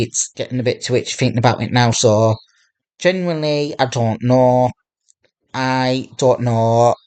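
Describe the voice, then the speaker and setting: Slow halting guy in his 30s, video diary, keeps repeating himself, normal mid voice. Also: mid-range voice. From northeast England. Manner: halting, often repeats and restarts phrases. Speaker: vlogger.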